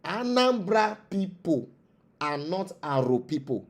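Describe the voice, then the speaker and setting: A man's voice: high-pitched, sing-song, slow. Preachy Nigerian man. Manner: preachy, rhetorical questions, repeats for emphasis. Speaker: traditional spiritual leader, guest. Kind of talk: impassioned interview monologue.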